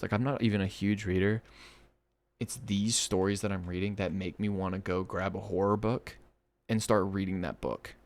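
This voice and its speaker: A man with a fairly low voice reads horror stories aloud for his podcast. Between stories he drops into eager, chatty asides aimed at his listeners. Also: fairly even intonation, normal speed.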